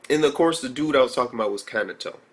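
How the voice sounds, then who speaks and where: Rambling, profane young man reviewing anime. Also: racing. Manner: rambling and profane, many fillers; excitable, jumps into high reactions. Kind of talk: casual recap and review.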